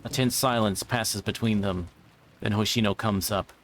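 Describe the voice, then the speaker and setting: A man streaming and reading a visual novel aloud, narrating in a plain, steady way. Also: on the low side, normal speed, a little hiss or hum.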